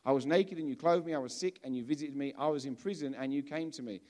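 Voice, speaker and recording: A man from England preaching a sermon in a relaxed, conversational way, often restarting and repeating words as he talks. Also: mid-range voice, quick pace.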